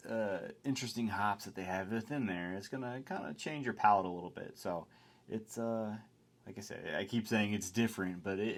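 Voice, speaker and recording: A man co-hosting a beer review show, talking in a laid-back, rambling way with plenty of fillers. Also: low voice. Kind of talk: casual beer review chat.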